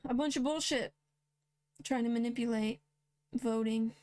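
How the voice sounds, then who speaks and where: A woman's voice: fairly high pitch, unhurried, a little mellow. A woman hosting a news roundup, reading headlines aloud and adding blunt, sarcastic comments. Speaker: host.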